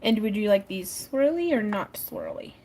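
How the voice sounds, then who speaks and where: A woman's voice: mid-range voice, sing-song, moderate pace, a little mellow. A woman hosting a casual craft livestream, chatting with viewers and her pets while she works, laughing often.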